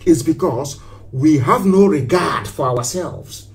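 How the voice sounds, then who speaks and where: A man from southeastern Nigeria, speaking, addresses listeners in a live broadcast. His voice sits high, and he preaches passionately, pressing his points through repeated phrases and pointed rhetorical questions. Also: lively intonation, slow. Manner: impassioned and preachy, hammering rhetorical questions and repetitions. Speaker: political activist broadcaster.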